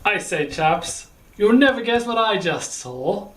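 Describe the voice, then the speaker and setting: A woman doing a plummy English policeman who brags to his chums with lively ups and downs in his voice. The hum of background noise sits faintly under him. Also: mid-range voice, measured pace, reverberant. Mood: smitten, boastful. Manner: plummy, boastful pub storytelling. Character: posh chatty English policeman, man.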